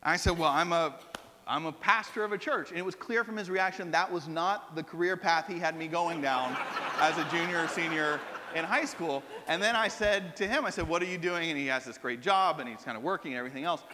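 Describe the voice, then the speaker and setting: Man, 40s, pastor, sermon, high voice, wry storytelling, reverberant church hall. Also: brisk, background noise. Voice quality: animated storyteller, self-mocking asides.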